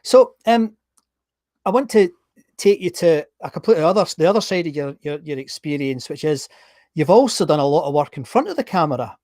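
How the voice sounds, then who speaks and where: A Scottish man hosts a relaxed interview, feeling his way through questions with restarts and short "yes"es. The sound is close and dry, with little room around it. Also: on the high side, brisk, dry recording. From Scotland. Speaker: interview host. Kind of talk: casual conversational interview.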